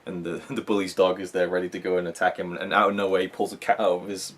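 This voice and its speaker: A man's voice: sits low, flat delivery, fast. A man co-hosting a film review, chatting casually and enthusiastically, rambling with many restarts. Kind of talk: casual chat.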